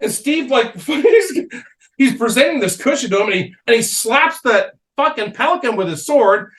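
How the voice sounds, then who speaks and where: A man's voice: extremely high pitch, big pitch swings, normal speed, a bit bright. A man telling a long, rowdy story on a comedy podcast, swearing freely and laughing as he goes. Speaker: podcast guest.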